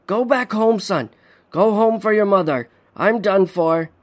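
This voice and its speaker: Guy doing a freezing dad stuck in ice water, maybe a monster faking it, high strained pleading. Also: measured pace. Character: desperate drowning father, maybe a mimicking monster.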